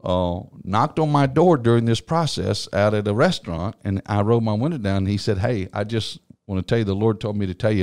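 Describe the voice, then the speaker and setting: Gravelly-voiced man telling a story. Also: on the low side, fairly quick, hardly any pauses, darkish tone. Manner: folksy, laughs often. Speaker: pastor. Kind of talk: storytelling conversation.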